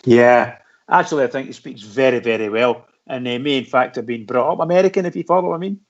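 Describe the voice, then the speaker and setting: A man's voice: mid-range voice, fast talker. A man chatting on a fan radio panel with enthusiastic asides. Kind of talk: casual fan radio chat. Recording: dull lo-fi sound.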